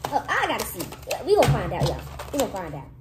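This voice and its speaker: A young woman chatting casually to camera in a vlog, lively and sometimes dropping to hushed whispers. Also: a little high, fast, loud music behind the voice, low-quality recording. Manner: lively, switches to hushed whispers when nervous. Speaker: vlogger.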